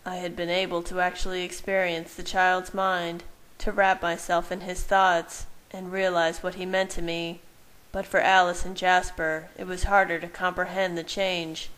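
A woman narrating a first-person fan fiction story in a soft, measured way. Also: lowish voice, flat delivery, poor audio.

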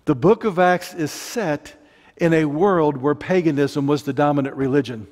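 A middle-aged preacher with an Ozarks accent delivers an impassioned, rambling sermon full of joking asides. His voice sits notably high for a man. A long reverb hangs on every phrase. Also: moderate pace, darkish tone.

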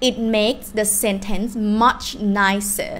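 A young woman with a Thai accent teaching a live-streamed language lesson, explaining slowly and repeating words in different tones. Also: mid-range voice, steady tone, fairly bright tone, slight background noise. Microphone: laptop or phone mic on a live stream.

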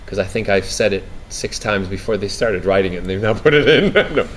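A man being interviewed on set about his acting role, animated and laughing, often restarting his sentences. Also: lowish voice, fairly quick, a little hiss or hum. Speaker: actor interviewee. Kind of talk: press junket interview. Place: outdoor TV set, press line.

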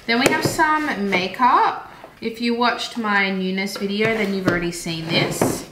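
An Australian beauty vlogger chats casually and enthusiastically through a product haul, wandering into rambling asides. Her mid-range voice moves a little slowly, and the audio is very noisy, recorded in a roomy, echoey space.

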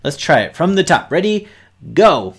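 A man's voice: a little high, very animated, moderate pace, husky. A man teaching kids to code on a live stream, explaining patiently step by step and talking straight to the viewers. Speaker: teacher hosting a coding stream.

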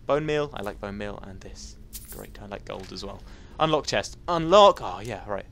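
A man giving casual, jumpy let's-play commentary, talking to enemies and reacting out loud. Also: on the low side, normal speed, gravelly. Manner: jumpy, excitable, talks to enemies. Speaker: gameplay commentator.

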